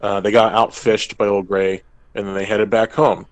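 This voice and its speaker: A young man with a fairly low voice tells the story of a tabletop game session as its game master, breezy and chatty, dropping into quick character lines now and then. The sound is dry and close, with little room to it. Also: flat delivery, dry recording, low-quality recording. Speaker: podcast co-host and game master. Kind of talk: casual recap of a tabletop game.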